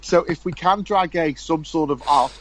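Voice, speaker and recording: Husky, joking podcast host. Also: male voice, a little high, normal speed, low-quality recording. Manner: chatty, joking, stumbling restarts. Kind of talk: casual podcast chat.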